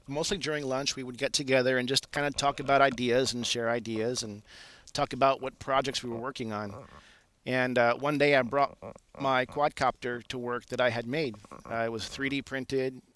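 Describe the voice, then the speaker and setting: A man with an ordinary mid-range voice tells a long anecdote in a loose, chatty way. He fills his pauses with "uh" and jokes at his own expense, the easy manner of an engineer talking shop. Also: mid-range voice. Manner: relaxed, self-deprecating, lots of "uh" fillers. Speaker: aircraft engineer. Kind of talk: casual anecdotal storytelling.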